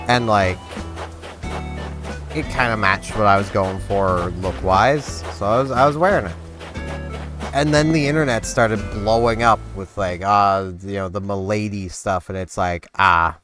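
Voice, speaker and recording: A man casually chatting through a life-sim game in a relaxed, rambling way. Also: lowish voice, moderate pace, over music. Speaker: gaming channel host. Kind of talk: casual gameplay commentary.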